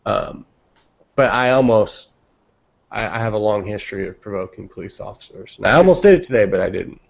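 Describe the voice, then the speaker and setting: A young man with a gravelly, somewhat low voice tells stories in a blunt, heated, profane way. He comes through a muffled, lo-fi online call connection, as co-host of a casual podcast. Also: lively intonation, a little fast. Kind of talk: casual storytelling. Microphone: remote call microphone.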